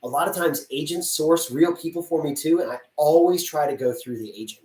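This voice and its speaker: A man who works as a casting director answers questions on a live stream, chatty and lively, acting out little scenes. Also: fairly high pitch, brisk, echoey room, far from the mic, poor audio.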